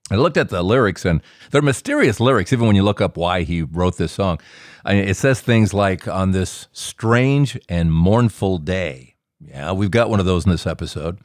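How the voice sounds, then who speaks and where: A man's voice: low voice, no echo, studio quality. A man hosting a podcast, introducing the episode in a playful, teasing way. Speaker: podcast host.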